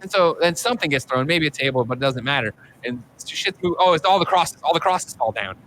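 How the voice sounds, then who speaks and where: Fast, bright-voiced man animatedly recapping. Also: on the high side, slight background noise, rough recording. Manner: animated, profane storytelling with acted-out quotes. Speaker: podcast host. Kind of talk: casual movie recap chat.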